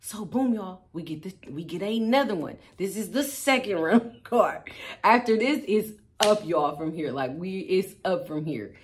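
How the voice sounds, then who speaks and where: A young woman, telling a storytime to her viewers in a casual, slangy, animated way, laughing and acting out what people said. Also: mid-range voice, moderate pace, a little hiss or hum. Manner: animated, slangy, acts out quotes, laughs often. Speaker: storytime vlogger.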